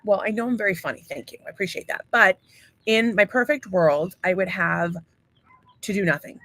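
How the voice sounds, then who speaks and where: A woman's voice: mid-range voice, fairly quick, a bit bright, no room sound. Blunt, swearing middle-aged woman. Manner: blunt, swears freely, laughs often. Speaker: podcast co-host. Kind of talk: casual chat.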